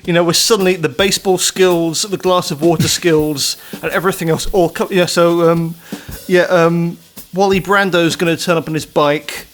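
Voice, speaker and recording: A man's voice: fairly high pitch, steady tone, moderate pace. An English man co-hosting a podcast in casual chat, talking in long rambling, emphatic runs and swearing freely. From England. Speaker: podcast co-host.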